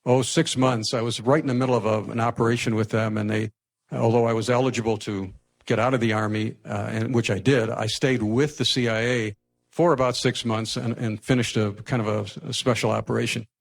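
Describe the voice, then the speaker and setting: An older man from the United States telling a personal story to a live audience, lively and anecdotal with frequent restarts. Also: medium pitch, a little fast, creaky. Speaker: speaker telling his life story.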